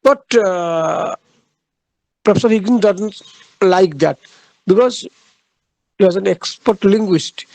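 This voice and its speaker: A man giving a literature lecture, halting, with frequent fillers and repeated phrases. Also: high-pitched, vocal fry, darkish tone, no room sound, rough recording.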